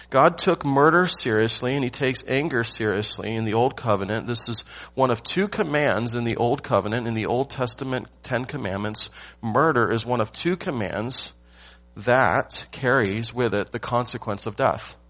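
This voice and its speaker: A male pastor preaching a sermon, stressing key words with pauses and rhetorical questions. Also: mid-range voice, a bit bright.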